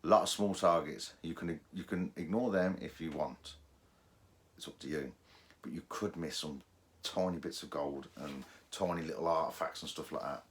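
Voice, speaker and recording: Male presenter with a deep voice, relaxed hands-on tutorial delivery. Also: normal speed. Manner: chatty, restarts and fillers, mimics detector tones. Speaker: metal detecting presenter. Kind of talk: casual how-to explanation.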